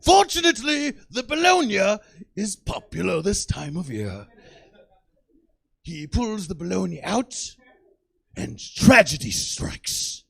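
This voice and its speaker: A man doing an impression of an elderly British nature documentary narrator, with slow, solemn narration in a small comedy theater. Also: sits high, big pitch swings, gravelly, a bit bright, slightly rough, heavily acted. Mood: mock-grave. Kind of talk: stand-up impression.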